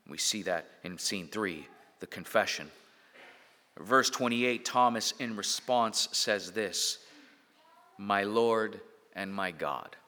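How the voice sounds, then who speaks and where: A man preaching a sermon to his congregation, earnest, pressing some words hard and letting others fall quiet. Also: medium pitch, big-room sound. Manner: earnest preaching, swelling and dropping for emphasis. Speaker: pastor.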